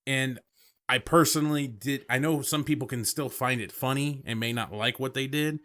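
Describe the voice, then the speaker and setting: A man's voice: mid-range voice, normal speed, fairly bright tone. A man co-hosting a casual podcast, joking around, swearing freely and laughing often. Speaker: podcast co-host. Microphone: remote guest on a phone line.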